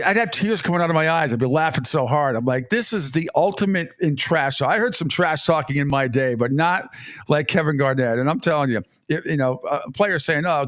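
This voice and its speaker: Rambling middle-aged sports radio host. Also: male voice, on the high side, no room sound, studio quality. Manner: rambling animated storytelling with frequent laughs. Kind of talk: casual sports talk radio.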